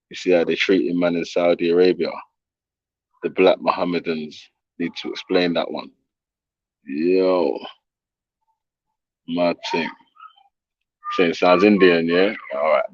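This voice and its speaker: A man's voice: low-pitched, no echo, lo-fi sound. A man hosting a casual livestream in slang, laughing and talking to his chat and callers. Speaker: livestream host.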